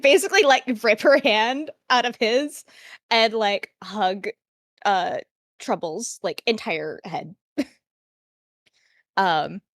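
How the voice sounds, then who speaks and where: A woman's voice: medium pitch, a bit bright, no room sound, studio quality. A woman narrating her character's actions in a tabletop game in a chatty, loose way with lots of fillers.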